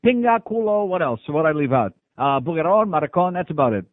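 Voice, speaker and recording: A man hosting a call-in radio talk show, gruff, sarcastic and dismissive toward callers. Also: a little high, lively intonation, brisk, no echo. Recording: tinny phone-like radio broadcast.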